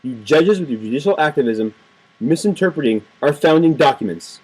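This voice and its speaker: A man's voice: on the high side, lively intonation, brisk, a little mellow, slightly rough, rough recording. A man delivering an impassioned, indignant political rant to camera, repeating phrases for emphasis. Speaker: political video blogger. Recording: home webcam video.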